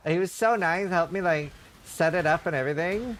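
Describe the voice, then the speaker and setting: A man's voice: fairly high pitch, expressive, moderate pace, fairly bright tone, slight background noise. A male streamer telling stories in casual livestream chat, rambling with lots of fillers. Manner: rambling storytelling, heavy on fillers.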